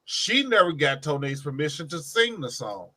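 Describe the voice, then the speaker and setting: A man's voice: a little high, big pitch swings, normal speed, pushed and bright. A man co-hosting a casual talk, arguing his point emphatically with everyday examples. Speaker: co-host. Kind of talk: casual chat.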